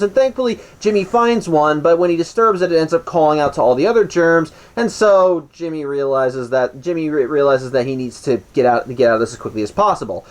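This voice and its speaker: A man hosting a podcast, casually recapping a cartoon episode with wry asides and frequent restarts and self-corrections. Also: on the high side.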